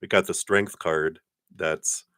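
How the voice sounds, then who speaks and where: A man giving a live-streamed tarot reading in a chatty, animated way, laughing often as he tells stories. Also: sits low, slow pace, dry recording, studio quality. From lives in Colorado. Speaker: tarot card reader.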